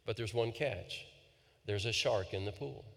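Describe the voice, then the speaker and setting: A preacher acting out a rich, boastful Texan who loves throwing parties, telling the tale with a showy, excited delivery. His voice carries a long reverb, as if echoing through a large hall. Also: on the low side, unhurried, gravelly. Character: wealthy boastful Texan party host, man.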